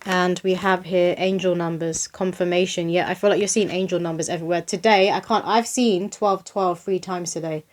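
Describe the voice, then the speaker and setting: A young woman with a slightly low voice talks straight to her viewers in a casual channeled reading. She is earnest and reassuring and circles back to the same encouragement again and again. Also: steady tone, normal speed, few pauses. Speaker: spiritual reader and channeler.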